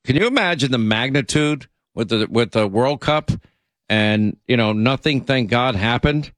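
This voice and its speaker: A man hosting a talk radio show, speaking briskly and emphatically with many fillers. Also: mid-range voice, animated, fairly bright tone, no room sound. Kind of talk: talk radio monologue and banter. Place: radio studio.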